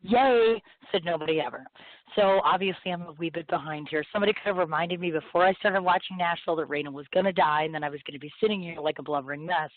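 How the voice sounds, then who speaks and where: Hoarse, fast-talking woman radio host. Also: low-pitched, steady tone, no echo. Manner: chatty, gushing and self-mocking. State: hoarse from illness. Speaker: radio talk show host. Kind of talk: casual chat. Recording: thin phone-line sound.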